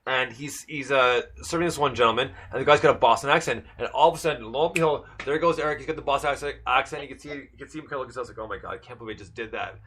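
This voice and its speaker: A man's voice: mid-range voice, racing, hardly any pauses, a bit bright. A man hosting a music radio show, telling stories in a loose, stammering, rambling way with lots of laughter. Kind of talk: casual radio chat.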